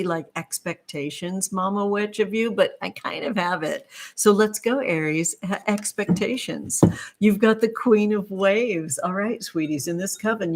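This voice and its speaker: A woman runs a casual tarot livestream, reading viewer comments aloud. She gushes and sprinkles pet names everywhere, and her voice sits a touch on the low side. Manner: effusive, gushing, calls viewers sweetheart. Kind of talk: live-stream chat with viewers.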